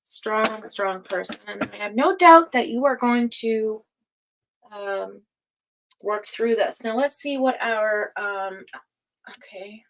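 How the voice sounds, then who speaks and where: A woman hosting a tarot reading livestream, talking casually and affectionately to viewers, with many fillers, sighs and soft laughs. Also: a little high, slow pace, long pauses, a little hiss or hum, low-quality recording. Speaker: tarot reader and livestream host.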